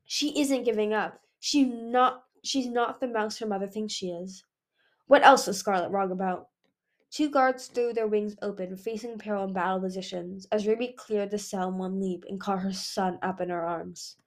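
A woman with a mid-range voice reads a fantasy novel at normal speed with fairly even intonation. As an amateur narrator, she slips frequently and now and then stumbles and restarts words.

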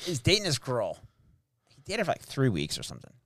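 A man's voice: medium pitch, huge pitch swings, quick pace, fairly bright tone, no room sound, clean studio sound. A man hosting a podcast, telling a story in casual chat, swearing and laughing as he goes. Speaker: podcast host.

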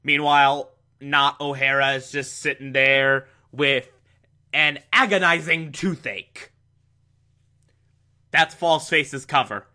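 A man recapping and reviewing an old TV episode in a casual monologue, sarcastic and exasperated, with sudden jumps in pitch for emphasis. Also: slow pace, bright, forceful tone.

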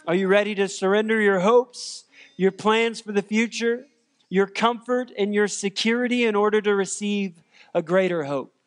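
A man's voice: high-pitched, moderate pace, in a large hall. A male pastor preaching a sermon in an earnest, emphatic way, with repeated refrains.

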